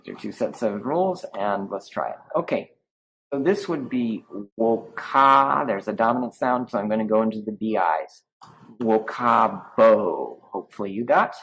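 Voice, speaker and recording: A man's voice: on the low side, a little fast, poor audio. A man teaching a Latin grammar lesson over slides, speaking informally and stretching out the sounds of words when he models them. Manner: informal and explanatory, with restarts.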